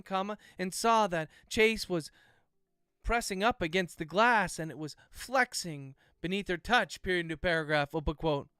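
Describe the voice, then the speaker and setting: On a livestream, a male author dictates his novel aloud, saying every comma and period, then drifts into loose, chatty asides with viewers between passages. His high voice sounds pushed and bright with a clean tone. The studio sound is clean, with no echo.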